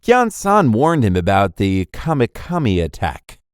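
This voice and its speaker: A man's voice: on the low side, huge pitch swings, measured pace, clear, resonant tone, no echo, studio quality. Playful man narrating an anime recap. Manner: playful, jokey asides.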